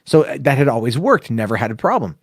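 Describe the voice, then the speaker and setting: A man's voice: medium pitch, quick pace, no room sound, studio quality. A man hosting a casual podcast, telling a long story with plenty of swearing and acting out the other people's lines. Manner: profane, animated storyteller acting out dialogue. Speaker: podcast host.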